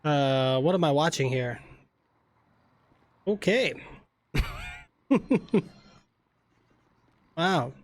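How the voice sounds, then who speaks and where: A live streamer chatting through a game roleplay session at a middling pitch. They ramble, trail off and fill gaps with ums while thinking aloud to their viewers. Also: lively intonation, drawn-out words, long pauses, no echo. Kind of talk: casual game roleplay chat.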